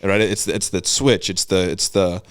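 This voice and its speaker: A man hosting a casual comedy podcast, talking in a deadpan, provocative way. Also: deep voice, moderate pace, dry recording. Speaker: host.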